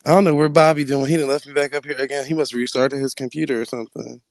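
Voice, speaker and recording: A man chatting on a live online panel from home, brash and animated, laughing often and swearing freely. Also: medium pitch, racing, no room sound. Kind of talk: casual trash-talking chat.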